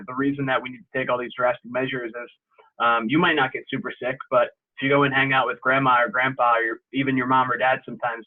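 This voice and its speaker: A young adult man giving a relaxed, explanatory safety talk over a video call, with frequent fillers. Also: medium pitch. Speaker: sports medicine presenter. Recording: tinny phone-like call audio.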